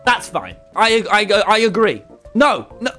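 A young man streaming a game in casual chat, loud and brash, swearing and swinging into shouts. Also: high voice, very animated, unhurried, soft background music. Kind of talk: casual gaming livestream chat.

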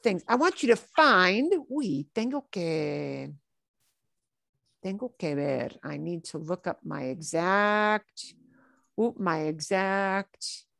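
A middle-aged woman teaching Spanish on a video call, chatty and easygoing. She slips Spanish phrases into her English and repeats them slowly. The sound is dry and close, with no room echo. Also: on the low side, animated, creaky, fairly bright tone. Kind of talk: online class lesson.

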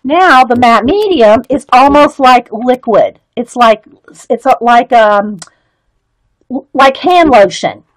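A woman's voice: on the high side, no echo, poor audio. A woman hosting a casual art and craft live stream, chatting to viewers and reading their comments, giggly and full of fillers and restarts. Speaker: art and craft livestream host. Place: home craft studio.

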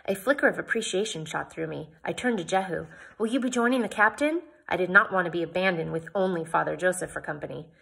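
A woman's voice: fairly low pitch, fast, creaky, few pauses, a bit bright, breathy edge. A woman reading a novel aloud, narrating expressively in the first person and chatting briefly at the end. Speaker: audiobook reader.

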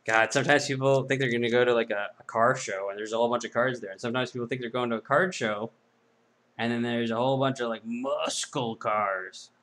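A man's voice: mid-range voice, steady tone, a little fast, fairly bright tone. Rambling, self-mocking man selling cards. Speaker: host of a card-break sales video. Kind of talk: casual sales patter.

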